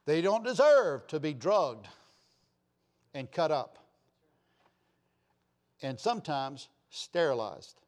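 A man delivers an impassioned sermon in a slightly high voice. He swings from loud, emphatic declarations down to quiet asides and keeps turning to his listeners with rhetorical questions. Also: very animated, takes it slowly, pauses often.

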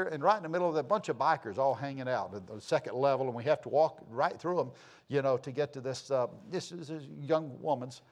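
A middle-aged man preaching a sermon, telling stories and swinging from loud to hushed. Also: medium pitch. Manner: folksy, animated storytelling with sudden loud and soft swings. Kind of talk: sermon with storytelling.

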